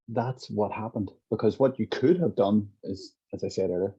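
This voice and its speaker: Heard through dull, lo-fi audio, a middle-aged male guest talks at normal speed with hardly any pauses, his voice on the low side, mellow, with a breathy edge. A compassionate inquiry practitioner, he reflects on how someone's anger gets worked with, offering examples framed as hypothetical dialogue in an explanatory interview.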